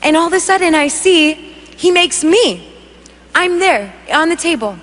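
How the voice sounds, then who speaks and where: High-voiced woman preaching in a reverberant hall. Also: normal speed. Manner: animated, acts out quoted voices, conversational. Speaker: worship leader preaching. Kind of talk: sermon storytelling. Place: large church hall. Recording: long reverb of a large hall.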